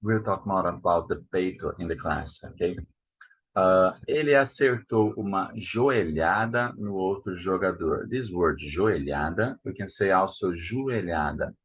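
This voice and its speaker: A Brazilian man teaching Portuguese, saying each word slowly and repeating it to model the pronunciation. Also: sits low, husky. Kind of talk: language lesson. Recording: dull lo-fi sound.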